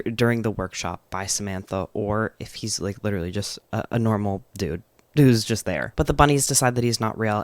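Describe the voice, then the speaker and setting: A man's voice: on the low side, dry recording. Chatty man summarizing a novel. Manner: chatty, frequent "like" fillers, enthusiastic. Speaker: book vlogger. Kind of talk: casual book summary and review.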